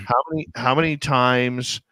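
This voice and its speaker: Sarcastic, bright-voiced radio host man. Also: mid-range voice, measured pace, no echo. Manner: sarcastic, rambling, rhetorical questions. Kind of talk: casual talk radio banter.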